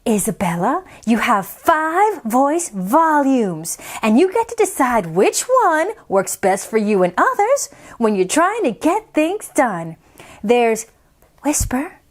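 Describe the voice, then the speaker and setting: A patient, gentle teacher, as a woman reads her part. She speaks slowly and softly, in a calm, coaxing tone. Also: high voice, full character voice. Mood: instructive. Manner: calm, soft-spoken, coaxing. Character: patient, gentle female schoolteacher.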